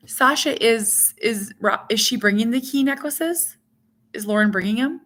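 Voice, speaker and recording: A woman's voice: on the high side, measured pace, fairly bright tone. A middle-aged woman hosting a casual live stream, rambling chattily and reading out viewer comments as she goes.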